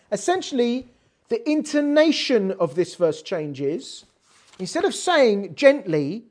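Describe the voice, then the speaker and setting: Animated woman teaching scripture. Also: a little high, measured pace. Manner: animated, acts out quoted lines with sass. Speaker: Bible teacher. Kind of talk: conversational scripture lesson.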